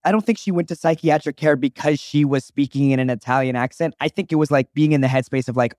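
A young man co-hosting a casual podcast, his voice sitting a little high. He rambles, stops and restarts his thoughts, and fills the gaps with "like." The sound is dry and close to the mic. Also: a little fast, few pauses, a little mellow, no echo. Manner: rambling, restarts often, says "like" a lot. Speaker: podcast co-host, actor.

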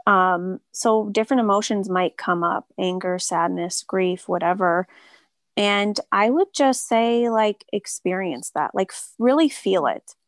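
A woman who practices Reiki talks casually and softly in an interview, with many filler words. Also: medium pitch, a little slow, no room sound. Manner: soft-spoken, lots of filler words. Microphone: remote call.

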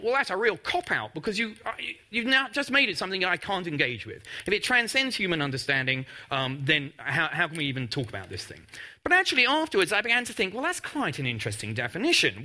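Math prof guy giving a talk, super bright voice, bouncy and lively, lots of ums, dry jokes. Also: sits high. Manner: chatty, with frequent ums and uhs; wry, self-deprecating humour. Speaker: mathematics professor giving a public talk. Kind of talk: public lecture with slides.

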